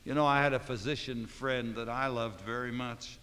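A male pastor delivers a sermon in a church sanctuary, his voice trailing off into a long hall reverb. He drops to a near hush, then slows and rises to forceful, drawn-out emphasis. His pitch sits in an ordinary middle range. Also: steady tone, clear, resonant tone. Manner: dramatic swings between soft and loud, slowing for emphasis.

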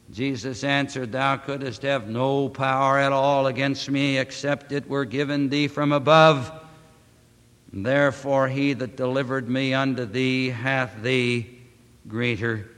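A man preaching a sermon, reading scripture aloud and speaking to the congregation with emphatic, drawn-out phrasing. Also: mid-range voice, steady tone, fairly bright tone, smooth. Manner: addresses congregation as beloved. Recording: long hall reverb.

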